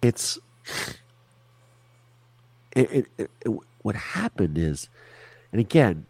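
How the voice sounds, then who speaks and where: A man's voice: fairly low pitch, big pitch swings, takes it slowly, creaky, darkish tone, husky, no room sound. A man as an interview guest, talking candidly and animatedly in a casual conversation over a remote call, with frequent restarts and swearing.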